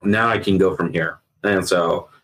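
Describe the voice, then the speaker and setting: A middle-aged man, a retired sheriff's investigator, tells his story in a casual interview, voice sitting low at a normal pace. He retells it with animation, acting out what others said and laughing along the way. The audio is poor.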